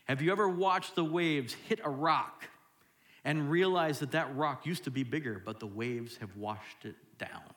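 A man preaching a sermon as pastor, dropping to hushed tones and then jumping loud and high as he acts out what people say to God. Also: a little slow, echoey room. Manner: acts out quoted voices, swinging from hushed to loud.

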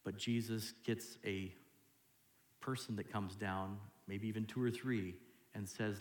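A man preaching a sermon as pastor, dropping to hushed tones and then jumping loud and high as he acts out what people say to God. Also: steady tone, unhurried, reverberant. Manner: acts out quoted voices, swinging from hushed to loud.

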